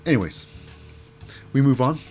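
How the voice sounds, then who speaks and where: A man's voice: mid-range voice, lively intonation, normal speed, darkish tone, soft background music. A man giving a casual, jokey recap of a wrestling show. He rambles and fills his talk with "uh" and "you know".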